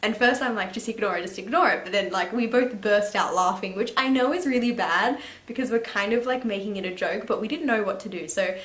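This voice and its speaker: A young woman in her late teens telling a story to camera in a chatty, animated way, laughing and swearing casually. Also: medium pitch, brisk, few pauses, echoey room. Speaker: vlogger. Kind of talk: story time chat.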